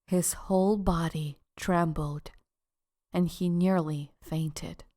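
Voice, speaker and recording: A woman narrating an audiobook in a measured, deliberate way. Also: fairly low pitch, fairly even intonation, warm tone. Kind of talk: scripted narration.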